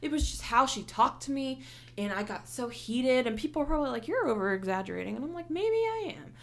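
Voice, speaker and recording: A young woman telling a story in casual chat, animated and heated, swearing often and filling with "like". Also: fairly high pitch, quick pace, vocal fry. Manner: heated, animated retelling with heavy swearing and many "like" fillers.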